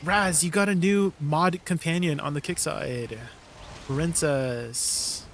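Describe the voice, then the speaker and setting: A man's voice: fairly high pitch, slow pace, slight background noise. Chatty young man streaming live. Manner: chatty, easily amused, riffing on chat messages. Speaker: livestreamer reading chat. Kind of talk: casual chat with viewers while gaming.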